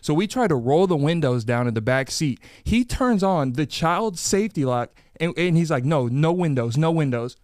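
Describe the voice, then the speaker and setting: A young man hosting a casual podcast in a studio, telling stories with lively energy. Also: on the high side, moderate pace, few pauses, dry recording. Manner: energetic, storytelling. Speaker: podcast host.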